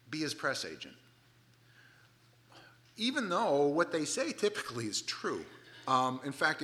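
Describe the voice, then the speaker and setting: A man's voice: on the high side, bright, forceful tone. A male pastor delivering a sermon in an emphatic, conversational way.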